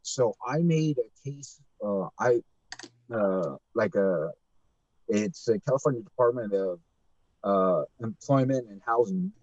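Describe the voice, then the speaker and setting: A man telling a long story in casual, profane chat, animated and swearing often, with a dull lo-fi mic sound. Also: lowish voice, slow pace, no echo.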